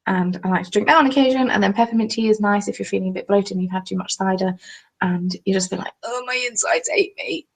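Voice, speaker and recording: Casting note: a southern English woman in her twenties with a gravelly edge, casually chatting on a live stream. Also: mid-range voice, steady tone, quick pace. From southern England. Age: 20s. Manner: chatty, rambling, full of ums, answers viewers' comments. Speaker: craft channel host.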